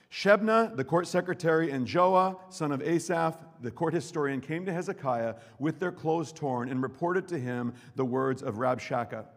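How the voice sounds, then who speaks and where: A man preaching a sermon with passion, swinging between loud declarations and hushed asides. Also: fairly high pitch. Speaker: pastor. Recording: long reverb hall.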